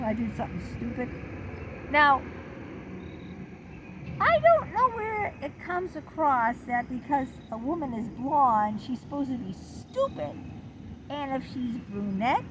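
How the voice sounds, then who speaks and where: Middle-aged woman, rambling vlog chat, fairly high voice, lively pitch, car noise behind. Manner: rambling, chatty, digressive. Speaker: channel host. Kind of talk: casual chat to camera.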